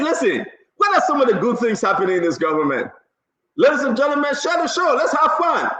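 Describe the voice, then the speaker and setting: A man with a Liberian English accent hosting a live radio talk show, animated and joking, laughing often and pleading with listeners. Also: very high voice. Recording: echoey room, dull lo-fi sound.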